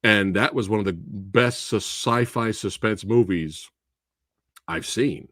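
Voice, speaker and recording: A man hosting a live movie review, talking in a casual, animated way and slipping into exaggerated quoted voices. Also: lowish voice, takes it slowly, no echo, clean studio sound. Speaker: host of a movie review show.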